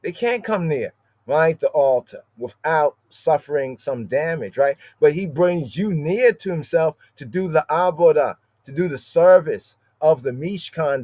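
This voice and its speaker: A man teaching a scripture study podcast. He reads verses slowly, stresses the Hebrew words and keeps asking "right?". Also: a little high, darkish tone, dry recording, muffled recording. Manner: explains word by word, repeating "right?" for the listener.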